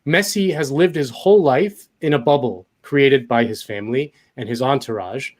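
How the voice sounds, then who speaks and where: A man's voice: medium pitch, normal speed. Hesitant man with many fillers. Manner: hesitant, lots of fillers and restarts. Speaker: guest commentator. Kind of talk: casual conversation.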